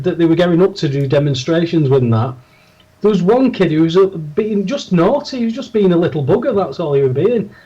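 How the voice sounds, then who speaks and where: A man's voice: fairly high pitch, warm tone, lo-fi sound. A man co-hosting a podcast, telling a story in casual chat with lots of restarts. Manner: rambling anecdotes with restarts. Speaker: podcast co-host.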